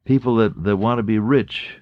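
A man preaching a sermon in an earnest way, slowing down to stress key phrases and swinging his voice up and down. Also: fairly low pitch, steady tone, dry recording, highs cut off. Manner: earnest, rising and falling emphasis, slow stress on key phrases.

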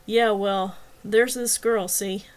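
A man's voice: high-pitched, fairly even intonation, takes it slowly. A self-pitying deaf young man, a little drunk, mumbles his way through his words, as a woman reads him aloud. He puts himself down in a storybook reading. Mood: lovesick.

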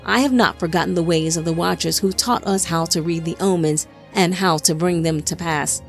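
A scheming young man, smug and taunting, who gloats at his brothers, as a woman reads him aloud. The voice sits a little low, and faint music runs beneath the storybook reading. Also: steady tone, normal speed, vocal fry. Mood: gloating.

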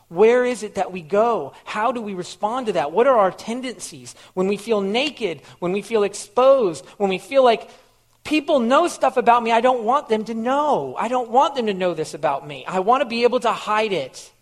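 A male pastor preaching a sermon in an earnest way, repeating phrases and putting questions to his listeners. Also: high-pitched.

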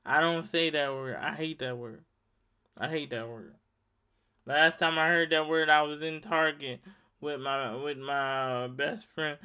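Young male host, bright crisp voice, profane rambling monologue. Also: a little high. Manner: profane, rambling, animated storytelling. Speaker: podcast host. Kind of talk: casual monologue.

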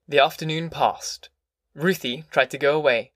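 A man narrating an audiobook novel in a steady, measured way. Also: fairly high pitch, dry recording, studio quality. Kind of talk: scripted narration.

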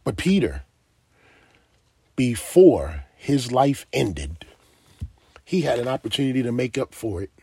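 A man's voice: medium pitch, big pitch swings, a little slow, pauses often, dark tone, breathy edge, no room sound, clean studio sound. A man preaching a sermon, emphatic and asking his listeners direct questions.

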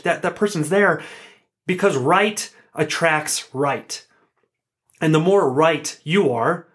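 A man's voice: on the high side, a bit bright. A man hosting a podcast on his own, talking in an earnest, chatty way and often restarting or correcting himself. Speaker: podcast host. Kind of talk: solo podcast talk, casual.

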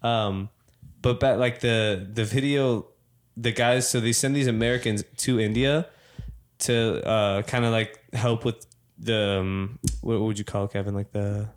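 A young man chats casually with friends, rambling through a story with constant fillers. He slips into quick put-on voices for the people he quotes. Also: on the low side, steady tone. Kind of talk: casual chat.

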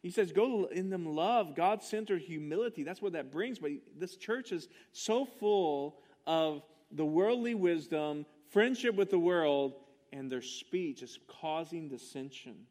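A man's voice: fairly high pitch, lively intonation, unhurried, hardly any pauses, a little mellow. A man preaching a sermon, emphatic and passionate, firing rhetorical questions at his congregation. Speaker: pastor.

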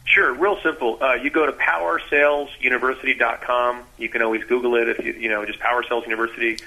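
A man's voice: medium pitch, fast, rough recording. A man, a sales trainer, explaining with energy as a radio guest and acting out bits of sales talk. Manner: animated, acts out sales dialogues.

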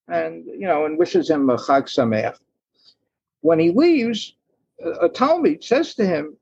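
Husky-voiced man telling stories. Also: on the high side, big pitch swings, moderate pace, darkish tone, no room sound, lo-fi sound. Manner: thoughtful storyteller, acts out quoted lines. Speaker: guest author. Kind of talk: storytelling in a podcast interview.

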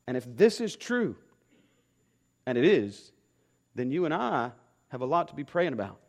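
A man's voice: on the high side, sing-song, moderate pace. A pastor preaching a sermon to his congregation, emphatic and repeating key phrases, often asking rhetorical questions.

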